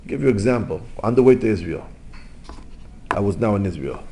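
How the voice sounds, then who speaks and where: A rabbi giving an informal Torah lesson in English, mixing in terms and telling stories, jumping between loud exclamations and quiet asides. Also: male voice, lowish voice, lively intonation, a little fast, slight background noise. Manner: non-native English with Hebrew terms. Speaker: rabbi teaching.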